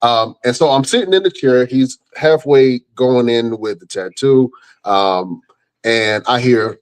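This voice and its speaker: Man, middle-aged, podcast host, animated storytelling, laughing asides. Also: mid-range voice, a little slow. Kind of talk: casual storytelling chat.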